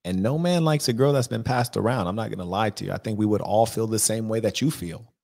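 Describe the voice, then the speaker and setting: A man with a very low voice hosts an advice stream. He answers viewer questions bluntly and at a measured pace. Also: gravelly, darkish tone. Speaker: life coach host.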